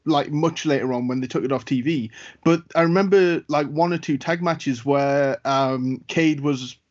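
A man hosting an interview, asking hesitant, searching questions with many fillers. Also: a little high. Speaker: podcast interviewer. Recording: dull lo-fi sound.

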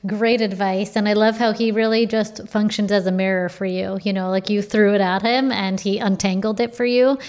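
A woman's voice: mid-range voice, level tone, moderate pace, hardly any pauses. A woman hosting a podcast, affirming her guest and asking follow-up questions in casual chat. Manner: warm, affirming interviewer. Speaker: podcast host.

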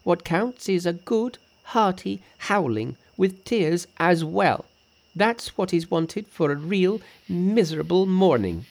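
A woman's voice: fairly low pitch, animated, darkish tone, full character voice. Woman reading Monkey, a bossy trickster sage. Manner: brisk, bossy, teasing. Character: boastful clever male monkey sage. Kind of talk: audiobook reading.

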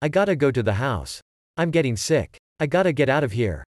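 A man's voice: medium pitch, big pitch swings, brisk, dry recording, studio quality, natural voice. A man voicing a terrified young man who pleads that he needs a doctor. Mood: distraught. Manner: distraught, pleading, panicky.

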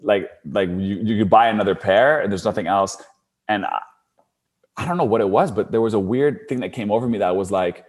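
Animated young man telling a story. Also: fairly quick, breathy edge. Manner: animated, filler-heavy, rising pitch when worked up. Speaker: storyteller guest. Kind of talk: casual storytelling chat.

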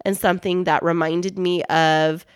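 A woman's voice: fairly low pitch, level tone, moderate pace, smooth, no echo, studio quality. A woman in her thirties co-hosting a couples podcast, telling earnest personal stories in casual chat. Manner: earnest, warm storytelling, laughs easily. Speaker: podcast co-host.

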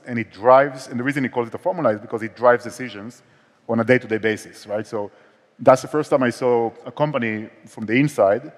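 A man with an Israeli accent, a startup founder speaking candidly on a conference stage, with frequent restarts. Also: medium pitch. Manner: candid, self-deprecating, many restarts. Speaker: startup co-founder and CEO, guest. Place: conference stage in a large hall. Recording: long hall reverb.

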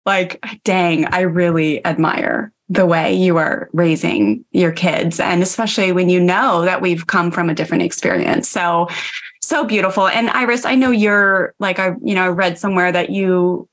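Woman interviewer, affirming and animated. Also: fairly low pitch, moderate pace. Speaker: host. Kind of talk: casual interview conversation.

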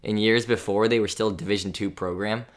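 A man who coaches volleyball, explaining a team's situation in a measured, hedging way during a casual chat. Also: fairly low pitch, fairly even intonation.

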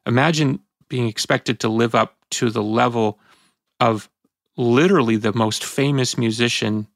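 A man in his fifties speaks as a podcast host, reflective and halting. His voice is gravelly and recorded close and dry, and he often breaks off and restarts as emotion catches him. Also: mid-range voice, dry recording. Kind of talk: reflective conversational talk.

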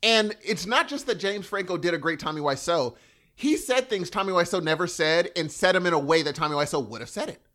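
A man co-hosting a podcast, talking casually and enthusiastically with frequent restarts. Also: high-pitched. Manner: animated, enthusiastic, quick bursts and restarts. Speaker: podcast co-host. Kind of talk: casual chat.

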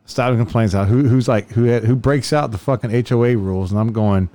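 Profane cop telling stories. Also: male voice, mid-range voice, fast talker, warm tone, dry recording. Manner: profane, laughing through stories. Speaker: police officer. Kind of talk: casual podcast storytelling.

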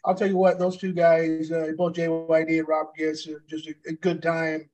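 A man's voice: on the high side, monotone, moderate pace, darkish tone, faint music behind. A man in his fifties reminiscing in casual chat as a co-host, rambling with many restarts. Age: 50s. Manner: rambling, full of restarts and fillers, fond reminiscing. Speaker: podcast co-host, former pro wrestler.

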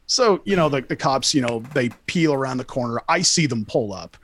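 A man's voice: mid-range voice, expressive, a little fast, fairly bright tone, no echo. A young man telling a story casually, rambling and swearing with many fillers and restarts.

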